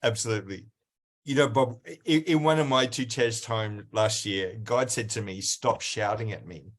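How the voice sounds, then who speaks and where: A male podcast host telling a story in an animated way, acting out bits of dialogue. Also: medium pitch, normal speed. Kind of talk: casual interview.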